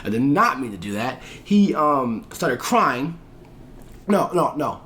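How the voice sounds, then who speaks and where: As a guest on a podcast, a man tells a story in casual conversation, animated and profane, doing the voices of the people he quotes. He speaks slowly at a medium pitch.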